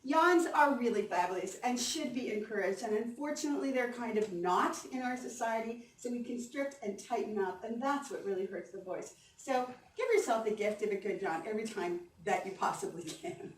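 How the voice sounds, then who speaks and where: An upbeat woman voice coach speaks to a conference audience, her voice a bit high. It is recorded from a distance in an echoing hall with faint background noise. She coaches warmly and keeps the audience engaged. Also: normal speed, few pauses. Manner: upbeat, encouraging, leads audience through breathing exercises. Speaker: voice coach giving a conference talk. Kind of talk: presentation on stage. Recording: roomy hall sound from a distance, faint ambience.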